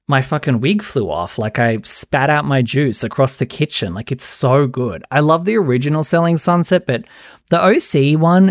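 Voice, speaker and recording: A podcast host riffs solo on reality TV, casual and sarcastic, with a constant stream of "like". His voice is medium in pitch, and the studio sound is clean, with no room sound.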